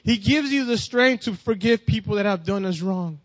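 A man with a fairly high, bright voice preaches a sermon at a moderate pace, recorded without echo and with the highs cut off. He reads scripture, his voice lifting on the verses, then speaks plainly, repeating and restarting phrases.

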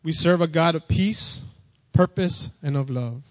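In a dry, muffled recording, a man with a slightly high voice delivers a sermon at a measured pace. After reading scripture, with his voice rising on each verse, he talks plainly and often repeats or restarts his phrases.

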